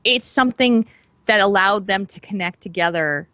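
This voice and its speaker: A woman's voice: medium pitch, moderate pace, sharp tone, no room sound. A woman co-hosting a podcast in casual chat, talking with gushing enthusiasm. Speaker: podcast co-host.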